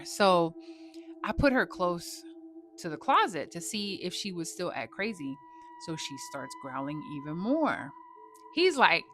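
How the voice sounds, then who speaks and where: A woman's voice: fairly low pitch, sing-song, a little slow, fairly bright tone, slight background noise. A woman telling a personal story in a casual, slangy way, swearing freely as she goes.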